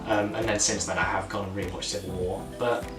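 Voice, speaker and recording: A man's voice: on the low side, level tone, a little fast. A man hosting a casual movie review, talking enthusiastically and rambling with many fillers. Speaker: channel host reviewing a film. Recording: echoey room, distant mic, music. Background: music.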